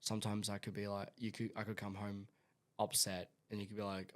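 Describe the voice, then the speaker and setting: A man's voice: on the low side, little pitch movement, quick pace. Rambling young man. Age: young adult. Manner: rambling, searching for words with many restarts. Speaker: son of the host. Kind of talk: casual family podcast chat.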